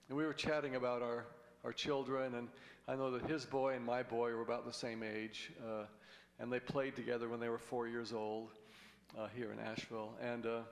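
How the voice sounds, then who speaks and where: Middle-aged male guest preacher, folksy storyteller, mid-pitched, reverberant sanctuary. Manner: folksy, rambling, with frequent restarts. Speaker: guest speaker. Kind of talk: sermon with personal stories and jokes. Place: church sanctuary. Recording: long hall reverb.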